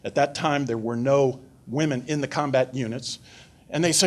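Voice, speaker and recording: An older man giving a public talk at a foreign affairs forum, telling an anecdote in an animated way and taking audience questions. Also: medium pitch, moderate pace. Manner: animated storyteller, voices characters in his anecdote. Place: lecture room before an audience.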